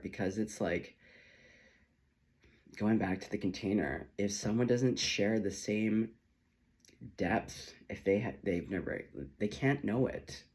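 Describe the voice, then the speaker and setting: A man giving a solo spiritual reading, emotional and tearful, talking in halting phrases with sighs and soft trailing words. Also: fairly low pitch. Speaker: spiritual channeler.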